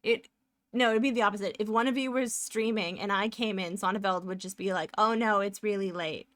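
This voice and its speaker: A woman's voice: mid-range voice, steady tone, a little fast, a bit bright, dry recording. A woman live streaming as she draws, chatting casually and rambling as she narrates her work and often laughs. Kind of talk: casual chat while drawing live.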